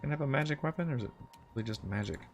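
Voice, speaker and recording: A man's voice: medium pitch, animated, very fast, over loud music. A man hosting a let's play, thinking aloud as he comments casually on a game and reads its text.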